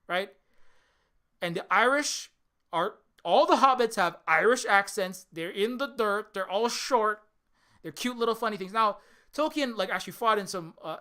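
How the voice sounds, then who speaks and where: A man's voice: sits high, sharp tone, smooth. A man giving a heated, sarcastic commentary rant, full of rhetorical questions, fillers and swearing. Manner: swears often. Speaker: video essayist. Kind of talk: ranting commentary.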